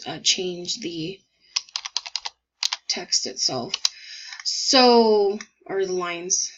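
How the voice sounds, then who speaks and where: A woman's voice: mid-range voice, a bit bright, highs cut off. A woman teaching a poetry lesson, thinking aloud with many fillers while typing notes.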